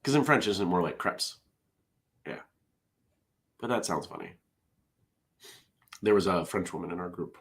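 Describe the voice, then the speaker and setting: A man with a lowish voice hosts a relaxed morning chat show on his own. His pitch swings widely as he reads jokes and wanders off into side stories, often stopping to restart a thought. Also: moderate pace, long pauses. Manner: rambling and self-interrupting, drifts into side stories between jokes. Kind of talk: casual solo morning chat, reading jokes aloud.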